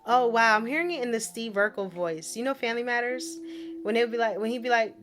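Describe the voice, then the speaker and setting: A woman's voice: on the high side, brisk, fairly bright tone, soft background music. A woman giving a casual spiritual message reading, chatty and repetitive, often checking in with the listener. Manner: chatty, repeats tag questions like "right?" and "okay?". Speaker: spiritual reader.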